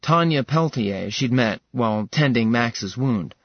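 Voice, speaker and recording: A man narrates an audiobook in a measured, steady manner, his voice husky and middle-pitched. The recording is dry and dull, slightly lo-fi. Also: no room sound. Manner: measured storytelling. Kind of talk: scripted narration.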